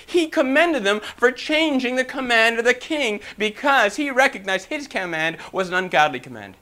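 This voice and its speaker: Animated, bright-voiced male preacher. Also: extremely high pitch, moderate pace. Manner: reads scripture then explains it with acted-out quotes; loud and animated in places. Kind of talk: sermon.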